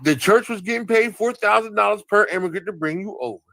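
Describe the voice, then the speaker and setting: A man's voice: high voice, fast, gravelly, sharp tone, slight background noise. A man speaking bluntly on a live stream, with "um" and "uh" between his points. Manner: blunt, with filler "um" and "uh" and small restarts. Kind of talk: heated talk on a live stream.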